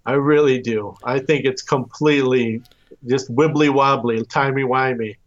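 A man telling his own stories as a guest in a casual interview, easygoing and quick to chuckle. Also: medium pitch, fairly even intonation, muffled recording. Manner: easygoing storyteller, chuckles often. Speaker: podcast guest.

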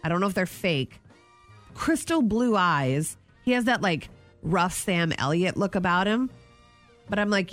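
A woman's voice: lowish voice, animated, a little slow, a bit bright, soft background music. A woman co-hosting a radio show, chatting playfully and teasing her co-host. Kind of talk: casual morning radio banter.

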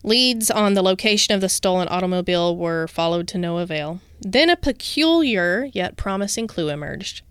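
A woman's voice: medium pitch, lively intonation, normal speed, hardly any pauses, clean tone, dry recording. Female podcast co-host, clean resonant voice, dry close mic, casual true-crime storyteller. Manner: reads researched notes, breaks into casual asides.

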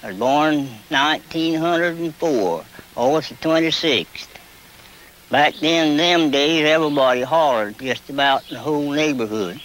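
A man's voice: normal speed, fairly bright tone, rough recording. A man, telling plainly how country folk hollered to each other. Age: 70s. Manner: plain-spoken, demonstrates long high hollers. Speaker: traditional holler caller. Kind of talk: folksy storytelling with hollering calls.

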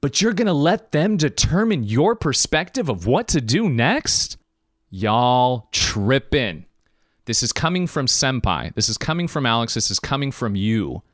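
A man hosting a podcast stream, talking in a lively, preachy way about life. His pitch jumps around. He speaks straight to his viewers in a dry room. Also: moderate pace, hardly any pauses, dry recording. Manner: animated, preachy, talks to viewers directly. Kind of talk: casual motivational talk.

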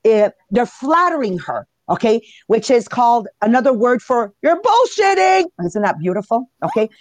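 Animated Italian-accented woman in her fifties. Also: a little high, moderate pace, no room sound. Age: 50s. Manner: animated, laughs often, talks to listeners. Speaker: podcast co-host. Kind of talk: casual live podcast talk.

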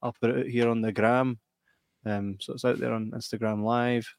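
A man's voice: mid-range voice, level tone, normal speed, gravelly, clear, resonant tone. A middle-aged man with a Scottish accent, co-hosting a casual podcast chat and telling stories with plenty of laughs. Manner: chatty, laughing storyteller. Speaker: podcast co-host.

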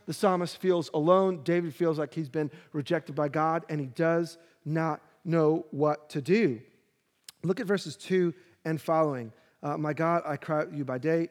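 Pastor, male, high voice, emphatic scripture reading, conversational asides, big echoing hall. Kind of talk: sermon.

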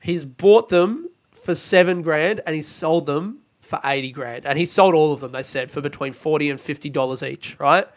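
Young male podcast host, fairly high voice, loose and profane storyteller who laughs through his own telling. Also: normal speed, few pauses. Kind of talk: casual monologue.

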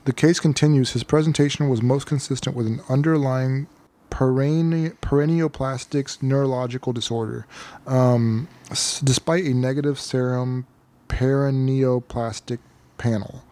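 A man co-hosting a relaxed podcast, reading from case notes and tripping over long medical terms. His pitch sits in the middle range for a man. He slips easily between reading and laughing along with his friends. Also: normal speed. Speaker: podcast co-host. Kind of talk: casual chat.

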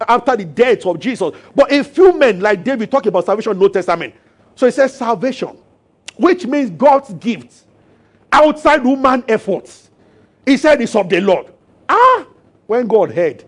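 A man preaching a sermon as pastor, animated and acting out voices. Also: very high voice, moderate pace. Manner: animated, acts out voices and laughs with the congregation.

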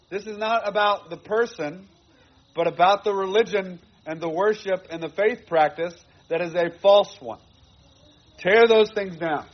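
A man's voice: sits high, unhurried, lo-fi sound. A man preaching a sermon to his congregation, earnest and repeating phrases for emphasis. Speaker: pastor.

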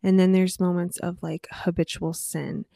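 Young woman, mellow dark voice with fry, reflective faith chat, dry sound. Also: fairly low pitch, flat delivery, normal speed, dry recording. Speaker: podcast co-host.

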